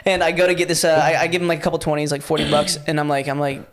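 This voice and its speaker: Young podcast guy talking super fast, kinda high voice, swearing a lot, all hyped telling a story. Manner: animated, profane storytelling. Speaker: podcast co-host. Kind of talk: casual chat.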